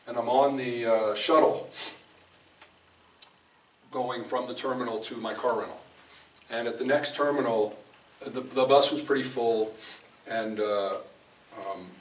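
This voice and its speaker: A man giving a conversational, storytelling sermon in a fellowship hall, speaking emphatically and often restarting his sentences. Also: lowish voice. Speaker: preacher. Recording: echoey hall from a distant mic, faint room noise.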